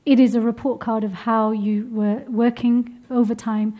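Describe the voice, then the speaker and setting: A young adult woman teaching womb health to a live group, lively and encouraging, laughing often. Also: on the high side, moderate pace. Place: room with a seated group.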